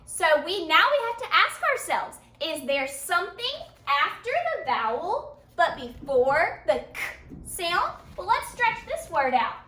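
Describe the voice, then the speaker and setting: A woman teaching a phonics lesson to children, sounding out words slowly and praising her pupils. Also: extremely high pitch, very animated, sharp tone. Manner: slow, stretched-out sounding of words, encouraging praise. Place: room with a board. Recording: echoey room, voice from a distance.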